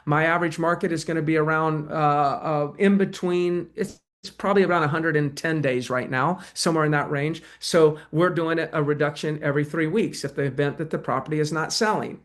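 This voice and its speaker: Animated real estate coach, man. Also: a little high, fairly quick. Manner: animated, conversational, acts out sales calls. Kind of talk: webinar presentation and Q&A.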